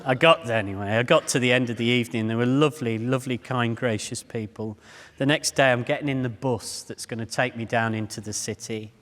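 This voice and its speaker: A man's voice: mid-range voice, a little fast. Man telling stories in an echoey hall. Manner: animated, self-deprecating storyteller. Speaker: speaker at a public talk. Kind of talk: humorous storytelling talk. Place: large hall before a live audience. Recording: echoey hall with long reverb.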